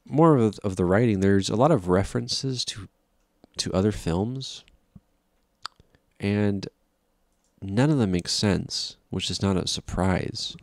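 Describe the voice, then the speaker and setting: A man's voice: fairly low pitch, slow, gravelly, pauses often, darkish tone, no echo. A man giving a casual, rambling film review, exasperated and profane, with frequent restarts.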